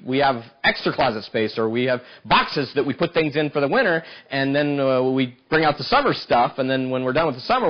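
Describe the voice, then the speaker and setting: Animated preacher with a lively voice. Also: male voice, medium pitch, highs cut off. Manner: animated storytelling with frequent restarts. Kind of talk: sermon.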